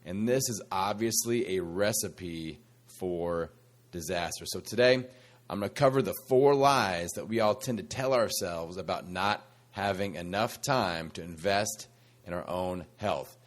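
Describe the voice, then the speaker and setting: A fitness coach hosting his own podcast, speaking in a slightly low male voice. He talks to listeners in an upbeat, motivational way, teasing them with a sassy edge while he coaches. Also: a little slow.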